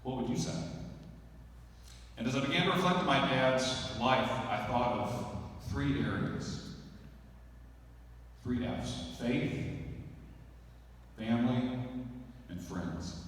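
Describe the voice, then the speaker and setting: A middle-aged man delivering a eulogy for his father, speaking slowly and reflectively with long pauses. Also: mid-range voice, a bit bright, far from the mic. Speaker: son giving a eulogy. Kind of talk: eulogy speech. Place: large church sanctuary. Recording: echoey church hall, heard from afar.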